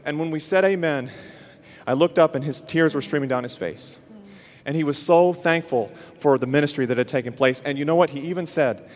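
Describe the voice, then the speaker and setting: A man hosting a ministry program, telling a lively story and acting out what people said. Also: fairly high pitch, fairly quick. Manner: animated storyteller acting out quotes. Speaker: host. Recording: long hall reverb.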